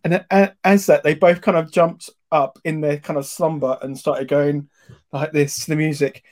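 A man with a fairly high voice co-hosts a podcast. He is enthusiastic and quick to apologise, and he rambles through his anecdotes. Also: little pitch movement, darkish tone. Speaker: podcast co-host. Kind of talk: casual chat.

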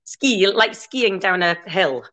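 A woman with a Scottish accent, chatting casually and teaching Gaelic words in a fast, playful way that keeps breaking into laughter. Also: mid-range voice, expressive, sharp tone. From Scotland. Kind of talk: casual podcast chat.

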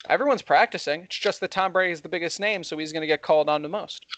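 A young man co-hosting a heated casual debate, talking fast and getting excited as he argues. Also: a little high, no echo. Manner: fast, excitable, rising when worked up. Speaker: co-host.

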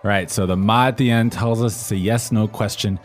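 A man's voice: fairly low pitch, steady tone, fairly quick, faint music behind. A man co-hosting a podcast language lesson, prompting with questions and recapping each point in plain English. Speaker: co-host.

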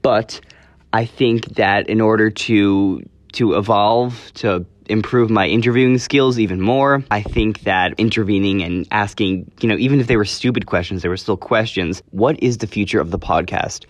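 Teenage boy, podcast host, low-ish voice, earnest, rambling, dry close sound. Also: normal speed, no room sound. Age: teens. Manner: rambling, earnest, self-correcting. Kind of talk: casual solo podcast talk.

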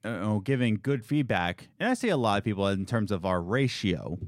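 A young man co-hosting a podcast, telling stories in a rambling, animated way with frequent restarts. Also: on the low side, a little fast, dry recording, studio quality. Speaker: podcast co-host. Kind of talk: casual chat.

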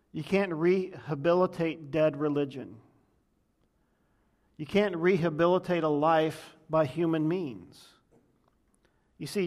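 Emphatic preaching man, slightly high voice. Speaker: pastor. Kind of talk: sermon.

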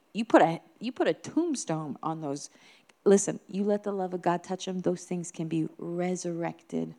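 A woman's voice: lowish voice, mellow. A woman minister preaching a sermon in an earnest, emphatic way, building her points with repeated phrases.

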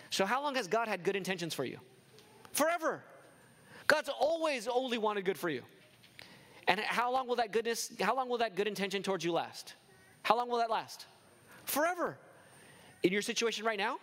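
Male pastor, high voice, passionate preaching full of rhetorical questions. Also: fairly bright tone. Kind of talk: sermon.

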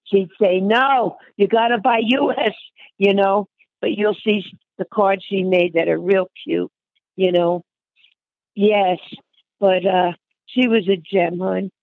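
An older woman talks through memories in a chatty way, calling the listener hon and honey as she goes. Her voice is gravelly, with a worn grain to it. The sound is tinny and phone-like, close and dry with no room around it. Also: medium pitch, level tone, slow, dry recording. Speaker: interviewee. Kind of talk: reminiscing conversation.

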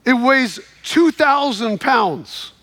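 A preacher delivers a sermon with dramatic storytelling and fervent exhortation. His voice is very high and bright. The sound is close and dry. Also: lively intonation, drawn-out words, dry recording.

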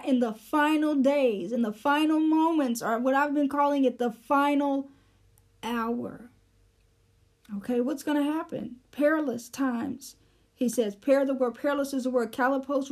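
A woman with a high, soft-toned voice leads a verse-by-verse Bible teaching. She explains the meaning of each Greek word at an unhurried pace, pausing often with fillers and restarting her phrases. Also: steady tone. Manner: explanatory, breaks down Greek words, frequent fillers.

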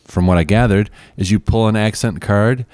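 A man's voice: fairly low pitch, normal speed, darkish tone, dry recording, studio quality. A middle-aged man co-hosting a podcast in casual chat, playful and mock-boastful, stretching out words for emphasis. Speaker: podcast co-host.

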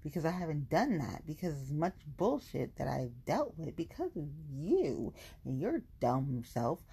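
Low, gravelly woman venting bluntly. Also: big pitch swings, measured pace, dark tone. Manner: blunt, profane, emphatic, repeats lines for effect. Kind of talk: casual venting monologue.

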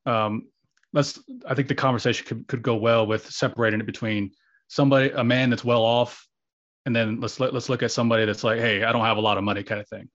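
A man's voice: mid-range voice, level tone, fast, fairly bright tone. A man talking earnestly and reflectively as a guest in a conversation, often restarting his phrases. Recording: slightly dull lo-fi audio.

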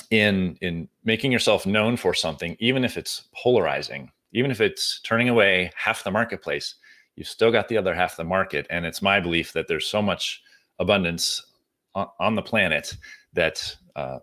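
A man's voice: low-pitched, moderate pace, sharp tone. A man hosting a solo podcast, talking earnestly with frequent restarts and repeated words as he gives marketing advice to design firms. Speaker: podcast host, home designer.

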